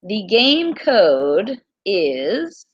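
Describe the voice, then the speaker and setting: A woman teacher hosting a casual quiz livestream from her small home, chatty and repeating things slowly. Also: medium pitch, big pitch swings, dry recording, dull audio.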